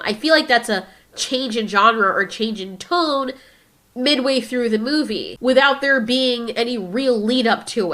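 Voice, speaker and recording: Bright-voiced woman giving opinionated film commentary. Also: a little high. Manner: opinionated, animated, acts out dinosaur lines. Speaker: film discussion host. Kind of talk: casual commentary.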